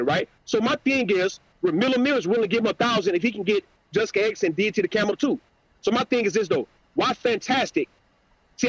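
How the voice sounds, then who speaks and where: A man's voice: very high voice, husky, dry recording, lo-fi sound. A man hosting his own channel, delivering a profane, combative, mocking rant in a livestream. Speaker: YouTube channel host.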